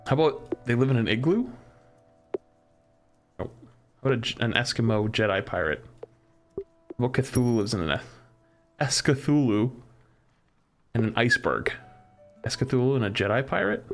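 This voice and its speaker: A man's voice: mid-range voice, lively intonation, moderate pace, pauses often, faint music behind. A man streaming a crafting game, musing aloud as he tries one combination after another. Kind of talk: casual live-stream commentary.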